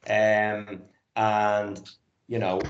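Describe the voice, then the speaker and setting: A man's voice: lowish voice, level tone, extremely slow, muffled recording. Earnest man in his fifties, roomy sound. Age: 50s. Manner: earnest, rambling, many fillers. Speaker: guest. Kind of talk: casual chat.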